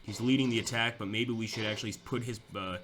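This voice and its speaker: A man's voice: lowish voice, steady tone, quick pace, fairly bright tone, a little hiss or hum. A young man giving casual, chatty commentary over a strategy war game, thinking aloud with fillers and restarts. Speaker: gameplay commentator.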